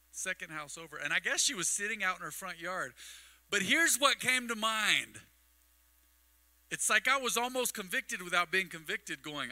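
A man preaching a mid-week sermon as pastor, telling a long personal story with acted-out dialogue and quick asides to the congregation. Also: fairly high pitch, lively intonation, bright, forceful tone, rough recording. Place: church sanctuary. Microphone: microphone on a livestream.

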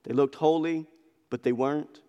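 A man's voice: on the high side, fairly even intonation, moderate pace, clean tone, lo-fi sound. A man preaching an expository sermon in a church, talking with emphatic passion and repeating phrases for emphasis. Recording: long reverb of a large hall.

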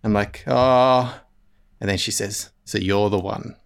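A man's voice: lowish voice, unhurried, gravelly. Rambling, self-mocking man in his thirties. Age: 30s. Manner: rambling, animated, self-mocking, laughs often. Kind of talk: casual storytelling chat.

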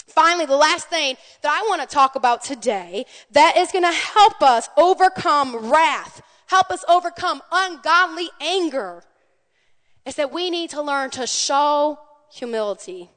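A high-pitched woman pastor preaches in an easy, conversational way, telling lively stories and calling out to her congregation. Her voice carries a long reverb from the church sanctuary. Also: a little slow. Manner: animated storytelling, calls out to the congregation. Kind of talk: conversational sermon.

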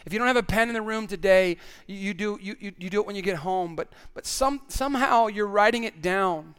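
A man's voice: high voice, a little fast, fairly bright tone, clear, resonant tone. A male pastor preaching a sermon in an earnest way, often repeating words as he stresses a point.

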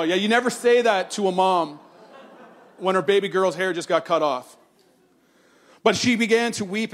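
In a voice that sits high, a middle-aged pastor preaches, bringing a family story to life with animated quoted voices. His delivery then turns soft and earnest as he moves on to scripture.

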